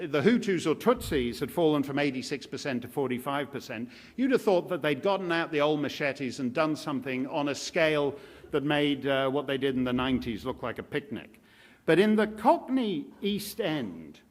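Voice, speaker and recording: A man giving a public lecture at a live event, speaking with wry, sardonic humor. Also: on the high side.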